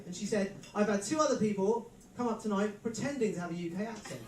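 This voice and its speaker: A man's voice: high voice, fast, a little mellow, slight background noise. An English man in his thirties hosting a live stand-up comedy show, telling dry, self-mocking stories and laughing as he goes. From England. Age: 30s. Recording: roomy live venue mic from a distance. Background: audience crowd reactions.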